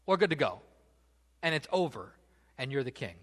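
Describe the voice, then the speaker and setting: A man's voice: mid-range voice, very animated, normal speed, husky. A man voicing an eager male soldier who pleads and boasts as he begs for permission to kill, heard with a long hall reverb. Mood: eager pleading.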